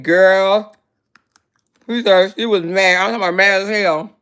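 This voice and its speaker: A woman's voice: mid-range voice, fairly even intonation, measured pace, pauses often, a bit bright, clean tone. Brash, mocking woman livestream host. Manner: brash, profane, mocking, laughing. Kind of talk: casual livestream commentary.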